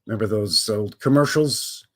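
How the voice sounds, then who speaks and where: A Canadian man in his fifties hosts a casual live stream, his voice on the low side and a bit bright, moving at a normal speed. His chat is loose and rambling, full of jokes, and he slips into silly voices along the way.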